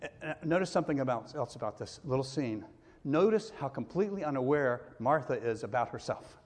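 A man's voice: mid-range voice, expressive, a little fast, darkish tone. A male pastor preaching a sermon in a conversational way, now and then acting out the people in the story. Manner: conversational preaching with acted-out quotes. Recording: long hall reverb.

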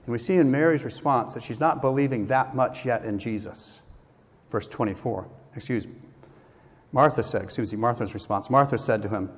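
A man delivering a sermon in a church sanctuary, earnest and emphatic as he acts out the people he quotes. His voice sits at an ordinary middle pitch. The sound carries a long reverb from the hall. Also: normal speed. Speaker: pastor.

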